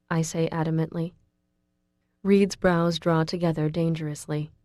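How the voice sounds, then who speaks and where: Woman reading audiobook, low mellow voice, dry close mic, gets pleading and emotional. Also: little pitch movement, moderate pace, no room sound. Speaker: audiobook narrator. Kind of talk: first-person audiobook narration.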